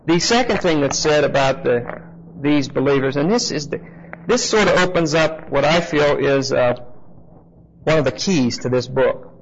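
A man's voice: on the high side, lively intonation, vocal fry, slight background noise. Man teaching scripture on a muffled recording. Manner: explains word meanings slowly, repeats key phrases, asks the class questions. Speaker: preacher teaching a Bible class. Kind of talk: conversational Bible teaching.

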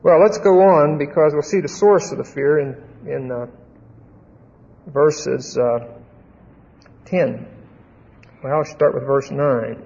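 A man with a slightly high, somewhat mellow voice preaches a Bible teaching sermon slowly, with vocal fry and long pauses. He speaks conversationally but with emphasis, often checking in with his listeners. The recording is dull and lo-fi, with long hall reverb.

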